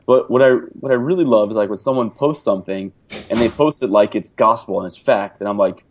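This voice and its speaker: Animated ranting man in casual chat. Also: on the low side, brisk. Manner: animated, ranting, mocking quotes.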